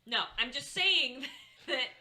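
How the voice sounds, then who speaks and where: A woman's voice: high-pitched, expressive, slow pace, pushed and bright. A woman co-hosting a podcast in casual banter, playfully indignant and swearing freely. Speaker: podcast co-host.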